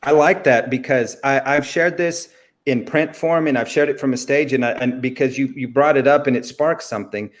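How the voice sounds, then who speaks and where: An earnest man with a mid-range voice talks in a faith interview, leaning into a warm, preacherly delivery. He speaks to the audience directly, as if to a friend. His speech is heartfelt and steady. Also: mid-range voice, moderate pace. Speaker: guest speaker.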